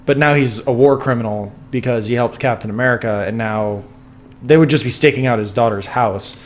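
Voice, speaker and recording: A man's voice: mid-range voice, fairly quick, a little hiss or hum. A man co-hosting a casual podcast from home on a sensitive mic, talking eagerly with many restarts and fighting a dry cough. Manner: enthusiastic, rambling with restarts and fillers. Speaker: podcast co-host. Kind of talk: casual chat. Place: home room. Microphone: sensitive studio mic.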